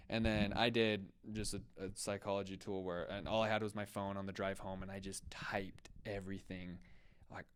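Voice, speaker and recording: A man's voice: low voice, level tone, a little fast, clear, resonant tone. A young man co-hosting a podcast, telling a story in a loose, chatty way full of fillers. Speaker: podcast co-host. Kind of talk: casual storytelling chat.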